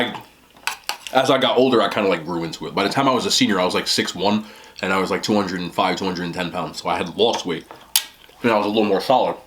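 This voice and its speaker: Eating on camera for his vlog, this young man chats in a lowish voice, with a little hiss or hum in the audio. He rambles casually and frequently talks through a mouthful of food.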